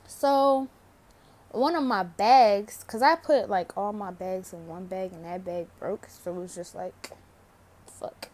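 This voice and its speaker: A woman's voice: medium pitch, slow pace, darkish tone. A young woman vlogging to camera, telling a story casually, laughing often and swearing freely.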